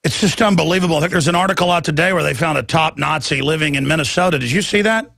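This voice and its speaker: Radio host guy, very gravelly, dry close mic, keeps stammering. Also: fairly high pitch, very fast, dry recording. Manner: excitable, stammering restarts. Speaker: radio talk show host. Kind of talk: talk radio.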